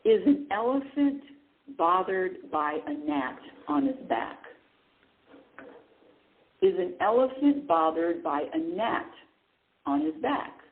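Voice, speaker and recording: Brief: woman spiritual radio host, very expressive pitch, asks and answers her own questions, tinny phone-line sound. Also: slow pace, pauses often. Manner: animated, asks herself questions and answers them, chuckles often. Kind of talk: spiritual talk radio monologue.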